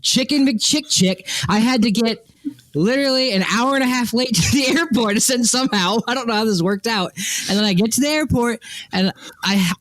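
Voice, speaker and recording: A man co-hosting a podcast, telling a story in casual chat, lively and swearing, acting out the people he quotes. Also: very high voice, normal speed, no room sound. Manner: animated, swearing, quotes people in exaggerated voices. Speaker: podcast co-host.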